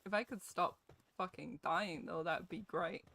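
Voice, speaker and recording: A young Scottish woman with a lowish, slightly bright voice streams a game at a measured pace. She jokes, swears, and chats with her viewers in casual commentary.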